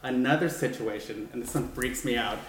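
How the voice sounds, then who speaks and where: A man telling a ghost story in casual chat, animated and rambling with many restarts. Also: medium pitch, fairly quick, slight background noise. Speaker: guest sharing a ghost story. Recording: echoey room with long reverb.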